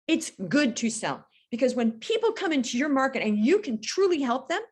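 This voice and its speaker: A woman in her fifties, a business coach being interviewed, talking in an energetic, emphatic way and telling stories with feeling. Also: sits high, a little fast, breathy edge. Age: 50s. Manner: energetic, emphatic, animated storytelling. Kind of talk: podcast interview.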